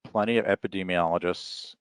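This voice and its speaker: A middle-aged man speaking as an author guest in a relaxed, rambling interview chat. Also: sits low, fairly quick, clean tone, no echo. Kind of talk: casual interview talk.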